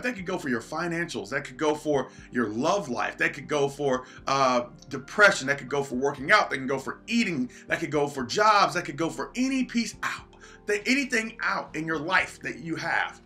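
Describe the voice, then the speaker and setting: A man's voice: fairly high pitch, bright, forceful tone. A man giving an earnest motivational talk on a livestream, shifting his pace often. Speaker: motivational speaker.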